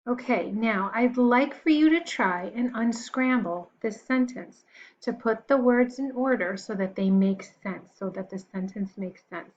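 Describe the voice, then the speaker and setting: A woman's voice: on the high side, a little mellow, dull audio. Encouraging woman teacher. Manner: patient, encouraging, pauses for answers. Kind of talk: recorded classroom lesson.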